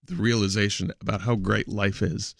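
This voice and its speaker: Lowish-voiced man telling a halting story. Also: little pitch movement, creaky, dry recording, clean studio sound. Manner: halting, hesitant storytelling with frequent laughs. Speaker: radio show regular. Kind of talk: emotional radio studio talk. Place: radio studio.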